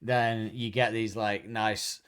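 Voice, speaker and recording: Guy on a podcast, kinda low voice, rambles and restarts a lot. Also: level tone, slow pace, a bit bright, clear, resonant tone. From Britain. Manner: rambling, restarts sentences, searches for words. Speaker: podcast co-host. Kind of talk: casual chat.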